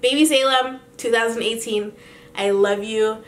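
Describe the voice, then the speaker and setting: A woman's voice: a little high, fairly even intonation, a little slow. A young woman chatting candidly to her camera as a vlogger, talkative and swearing casually. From Canada. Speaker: beauty vlogger.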